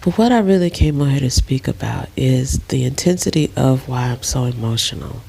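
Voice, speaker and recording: A middle-aged woman lying in bed in a dark bedroom, talking slowly and emotionally in a soft, often half-whispered voice. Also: a bass voice, animated, gravelly, a little hiss or hum. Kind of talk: casual personal vlog.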